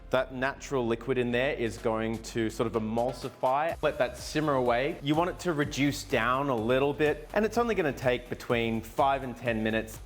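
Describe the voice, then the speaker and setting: Chatty man cooking tacos. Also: mid-range voice. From Australia. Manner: playful, chatty instructions. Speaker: chef cooking on camera. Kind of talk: casual cooking demo.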